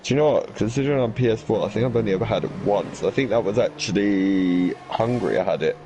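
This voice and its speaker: A man commentating a sim racing league race in a chatty, animated way, arguing his point. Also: fairly low pitch, fast, slight background noise, low-quality recording.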